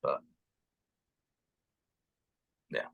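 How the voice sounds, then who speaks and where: A man's voice: fast, a bit bright, muffled recording. A man co-hosting a podcast in casual chat, reflective and rambling, with casual swearing. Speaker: podcast co-host.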